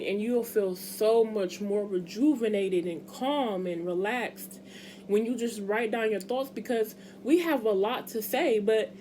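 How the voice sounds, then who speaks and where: A woman's voice: mid-range voice, darkish tone, slight background noise. Chatty young woman. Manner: chatty, emphatic, addresses viewers as y'all. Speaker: vlogger. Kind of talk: casual chat to camera.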